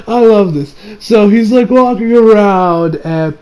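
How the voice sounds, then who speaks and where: A man's voice: sits high, takes it slowly, a little mellow, low-quality recording. A young man casually recapping an anime episode, rambling and playful, laughing as he retells scenes.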